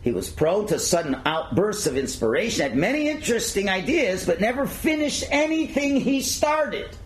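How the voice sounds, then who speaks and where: A man's voice: sits high, very animated, normal speed, a little hiss or hum, rough recording. A man lecturing at a synagogue learning centre, reading passages aloud and then commenting in his own words with fillers. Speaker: rabbi lecturer.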